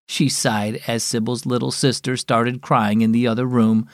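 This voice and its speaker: A man hosting and narrating a children's devotional story program in an expressive storytelling manner. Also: medium pitch, normal speed, hardly any pauses, no echo, studio quality. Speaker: host and narrator.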